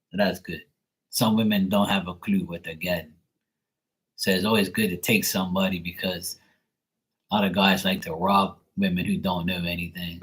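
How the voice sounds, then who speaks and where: A man hosting a casual live stream, cursing freely and joking with viewers, then softly soothing his dog. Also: low voice, husky, low-quality recording. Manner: loose, profane, teasing banter with viewers. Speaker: live stream host reading chat.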